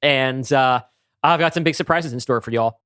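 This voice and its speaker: A man's voice: medium pitch, normal speed, a bit bright, clear, resonant tone, no room sound, clean studio sound. A young man co-hosting a podcast, reading listener mail in a casual, chatty way. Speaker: podcast co-host.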